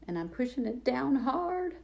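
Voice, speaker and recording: A woman's voice: sits high, very animated, a little slow, creaky, darkish tone, lo-fi sound. A woman hosting a live craft demo, chatting with viewers and thinking aloud as she works. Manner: chatty, self-deprecating, thinking aloud while working. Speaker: DIY crafts host.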